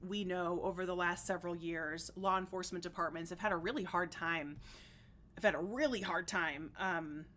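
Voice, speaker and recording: A woman's voice: fairly low pitch, moderate pace, fairly bright tone. A woman with a Chicago-region Midwestern accent, hosting a casual livestream and chatting to viewers with plenty of ums. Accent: Upper Midwest, Chicago region. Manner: chatty, reads viewer comments aloud, many fillers. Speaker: livestream host. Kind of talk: casual livestream chat about politics.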